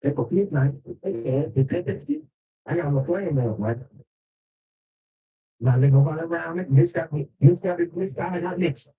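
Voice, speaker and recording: A man with a strikingly dark, mellow tone that sits a bit high in pitch. He rambles through a story in loose, slangy street talk and swears freely. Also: normal speed, poor audio.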